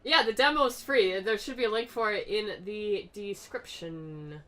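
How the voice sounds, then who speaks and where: A woman's voice: medium pitch, expressive, a little slow, a bit bright. Sarcastic young woman reading a game aloud. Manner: sarcastic, joking running commentary. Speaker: streamer reading a visual novel aloud. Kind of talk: sarcastic dramatic reading with chat asides.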